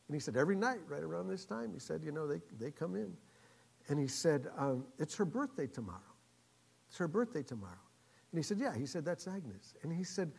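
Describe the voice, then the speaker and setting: A male pastor tells a story during a sermon in a slightly high, brisk voice with a creaky, breathy edge. He acts out the quoted voices, growing loud in the lively moments and going soft for the tender ones.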